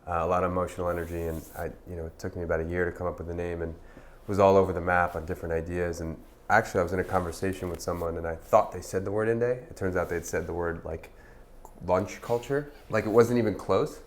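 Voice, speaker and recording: Deep-voiced man in his thirties, chatty. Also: fast, a little hiss or hum. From United States. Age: 30s. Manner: relaxed, lots of fillers, animated when telling stories. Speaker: restaurant founder, podcast guest. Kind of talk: casual conversational storytelling.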